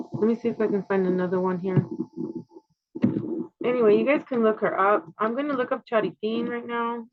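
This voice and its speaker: A woman's voice: mid-range voice, no room sound. A woman in her fifties talking in a rambling, conspiratorial way, full of filler words, as she hosts her own channel. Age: 50s. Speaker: channel host. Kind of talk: casual monologue. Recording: slightly dull, dry home recording.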